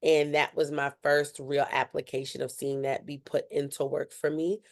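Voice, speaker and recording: A young woman, a student journalist, telling her story as a podcast guest in an animated way and acting out what others said. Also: low voice, normal speed. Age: young adult. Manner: animated, acts out other people's lines. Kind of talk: casual interview storytelling.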